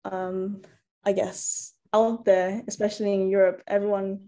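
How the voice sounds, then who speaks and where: A woman's voice: mid-range voice, little pitch movement, measured pace, mellow. A woman baseball player on a conference panel over a video call, earnest and reflective with some hesitations. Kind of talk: panel discussion.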